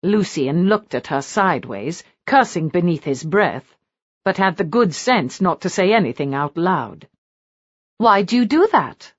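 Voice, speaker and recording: A woman narrating a historical romance audiobook in an expressive, animated reading style. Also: on the low side, unhurried, dry recording, muffled recording.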